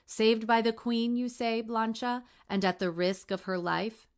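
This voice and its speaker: A woman's voice: fairly high pitch, steady tone, measured pace, smooth, voice pushed up. A woman voicing a grateful, proud young man weak from an injury in a storybook reading. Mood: urgent.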